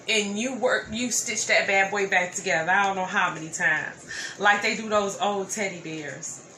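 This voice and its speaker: A woman giving a collective tarot reading, sometimes slow and soothing, sometimes playful with slang. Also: on the low side, very noisy. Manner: earnest, slow and soothing, with repeated phrases; playful slang and loud laughing. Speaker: tarot reader.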